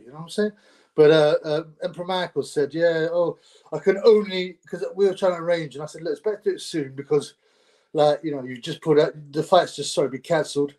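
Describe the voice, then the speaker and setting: A man's voice: on the high side, a little mellow. A young man hosting a casual solo livestream, rambling in street slang and laughing often. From United Kingdom. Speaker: livestream host.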